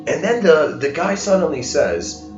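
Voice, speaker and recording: A man's voice: fairly high pitch, sing-song, moderate pace. A man giving a lecture as a loose, chatty story, often laughing and using fillers. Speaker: spiritual lecturer. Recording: dull roomy recording with music behind.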